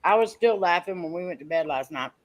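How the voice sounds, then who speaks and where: A woman hosting a casual live-stream panel, chatty and quick to laugh as she tells stories. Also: fairly low pitch, expressive, poor audio. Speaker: host.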